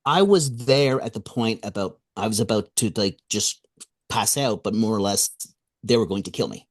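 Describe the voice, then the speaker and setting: A man, an author and guest on a radio interview, telling a story in an animated way, acting out the voices he quotes and chuckling between remarks. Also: lowish voice, normal speed.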